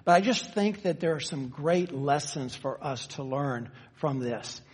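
A man preaching a sermon, teaching conversationally and shifting from slow, stressed phrases to quick asides. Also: fairly high pitch, expressive, a little mellow, slightly rough. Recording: long reverb of a church hall.

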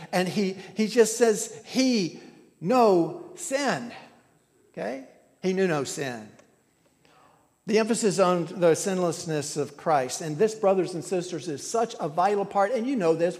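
Male pastor, high voice, emphatic teaching sermon, reverberant church hall. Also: darkish tone.

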